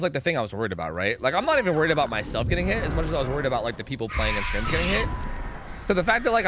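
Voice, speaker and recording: A young man streaming a game, chatting casually and swearing a lot as he reacts and answers his chat. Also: medium pitch. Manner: chatty, swearing, lots of "like" and restarts. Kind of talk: casual gameplay commentary.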